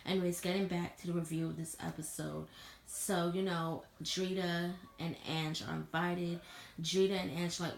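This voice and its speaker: A woman's voice: on the low side, level tone, normal speed, creaky. A young woman reviewing a reality show in casual chat, blunt and profane, full of slang. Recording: echoey room with faint ambient noise.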